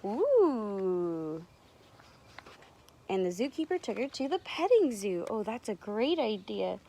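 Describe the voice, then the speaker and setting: A woman teacher reading a picture book aloud to young children, animated, stopping to ask them to guess. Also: mid-range voice, slow pace, a little hiss or hum, low-quality recording. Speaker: preschool teacher.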